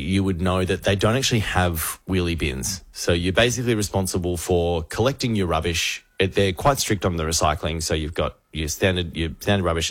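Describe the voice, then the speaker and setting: A man's voice: low-pitched, dry recording. A man hosting a radio show, telling a story with animation and acting out the voices of the people in it. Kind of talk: lively radio banter and storytelling.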